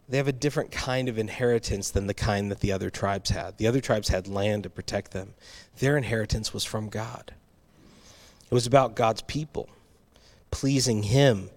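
A male pastor delivering a sermon in a conversational way, with restarts and asides to the congregation. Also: fairly low pitch.

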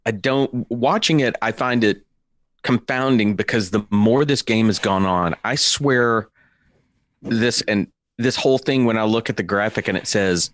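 A man's voice: fairly low pitch, a little slow, dry recording. A man hosting a casual podcast chat, wry and joking. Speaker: podcast host.

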